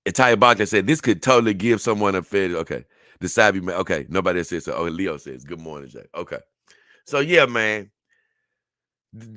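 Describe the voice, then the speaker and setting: Animated man reacting, bright dry voice. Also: lowish voice, no echo. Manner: animated, exclaiming and laughing, dips into mock voices. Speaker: video reactor. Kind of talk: casual reaction commentary.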